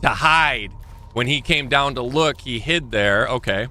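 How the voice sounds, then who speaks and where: A man's voice: mid-range voice, unhurried, bright, forceful tone, a little hiss or hum. A young man streaming a game live, thinking aloud and rambling as he corrects himself mid-thought. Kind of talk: live gameplay commentary.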